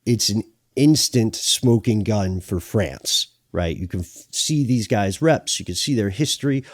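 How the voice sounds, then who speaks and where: A man co-hosting a podcast, telling the story in a lively, joking way with acted-out asides. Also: on the low side, a little slow, no room sound, clean studio sound. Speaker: podcast co-host. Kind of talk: conversational podcast banter.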